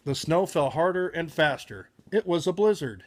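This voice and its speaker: A man's voice: on the high side, lively intonation, moderate pace. A man reading a children's picture book aloud with frequent slips and self-corrections.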